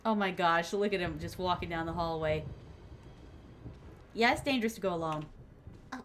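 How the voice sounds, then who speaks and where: A young woman streaming a horror game, giving excitable live commentary and talking to herself and her chat as she plays. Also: fairly low pitch, normal speed, slight background noise. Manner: excitable, talks to herself and chat while playing.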